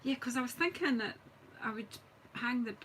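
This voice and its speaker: Pitched on the high side and animated, her voice moves at a normal pace with a somewhat bright quality. She's a middle-aged Scottish craft demonstrator making cards on a live stream, chatting and self-deprecating as she works, recorded roughly with a touch of hiss.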